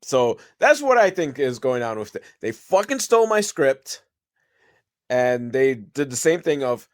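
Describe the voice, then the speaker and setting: A man rambles through a comedic film recap, sarcastic and freely profane. His voice sits at an ordinary pitch but jumps up and down with lively swings. He often drifts off into his own side stories. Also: measured pace.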